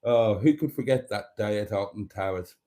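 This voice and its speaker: A British man hosts a chatty live stream in a camp, theatrical, teasing manner, calling his viewers darlings. His voice is mellow, and his nose sounds stuffy. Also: fairly low pitch, moderate pace. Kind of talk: casual live stream chat.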